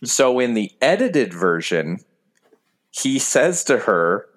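Animated man telling stories on a podcast. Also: medium pitch, slow. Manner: animated storyteller who laughs through his stories. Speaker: podcast co-host. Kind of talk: casual chat about movies.

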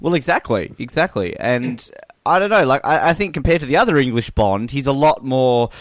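A man co-hosting a podcast, chatting casually about films with an animated, jokey manner. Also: medium pitch, fairly quick, no room sound. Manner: animated, laughing, jokey impressions. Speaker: podcast co-host. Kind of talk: casual chat.

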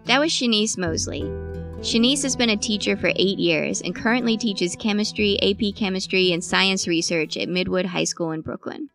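Gravelly woman podcast host. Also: medium pitch, moderate pace, a bit bright, soft background music. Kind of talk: scripted announcements.

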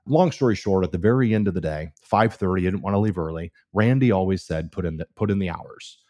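Low-voiced and quick, this forty-something man is a real estate guest chatting casually on a podcast. He's an animated storyteller who performs the quoted lines of the people in his stories.

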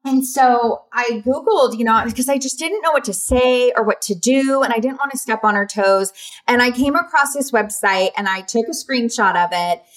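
Podcast guest: woman in her forties, higher pitch, candid and heartfelt storyteller. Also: moderate pace. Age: 40s. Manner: candid, tearful at times, many fillers. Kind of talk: emotional personal storytelling.

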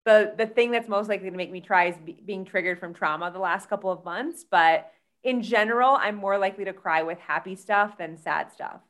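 A woman hosting a podcast, asking questions and chatting in a relaxed, casual way. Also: mid-range voice, a little fast. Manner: relaxed, asks questions loosely. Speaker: podcast host. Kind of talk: casual interview chat.

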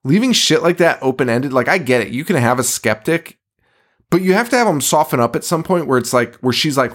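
A man co-hosting a casual movie-recap podcast, animated, laughing often, swearing freely and acting out scenes in quick put-on voices. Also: medium pitch. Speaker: podcast co-host.

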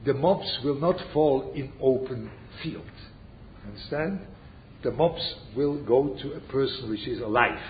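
A man's voice: mid-range voice, animated, measured pace. A man giving an informal religious lesson, full of rhetorical questions and Hebrew and Yiddish terms, who keeps checking in with his listeners. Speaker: Torah teacher. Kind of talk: informal lecture on a religious text. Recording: dull lo-fi recording with faint noise.

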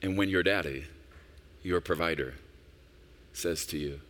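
A man's voice: deep voice, measured pace, long pauses, fairly bright tone. A senior pastor in his forties preaching a sermon in a conversational, personal storytelling manner with emphatic rises. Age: 40s.

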